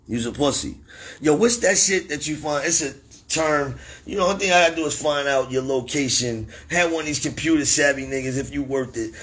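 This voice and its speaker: A middle-aged man, a rapper, ranting angrily and profanely on a phone livestream and breaking into sudden high-pitched shouts. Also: a little fast, husky. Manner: angry, profane, threatening tirade that jumps into sudden high shouts.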